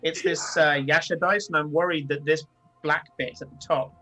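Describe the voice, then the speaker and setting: A man's voice: fairly high pitch, steady tone, moderate pace, bright, forceful tone, faint music behind. A man narrating a tabletop game as game master, casual and chatty.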